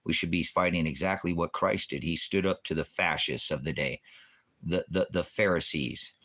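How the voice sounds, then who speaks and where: Man, deep voice, angry profane rant, rambling, scripture quotes, livestream host. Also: moderate pace, fairly bright tone.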